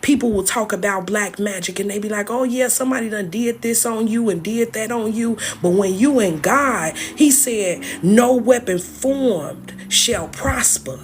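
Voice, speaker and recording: A woman with a medium-pitched voice talks at a moderate pace with few pauses, recorded on a phone with slight hiss or hum. Hosting a TikTok live from home while moving around indoors, she shares a spiritual message earnestly and emotionally, preaching and repeating herself to viewers.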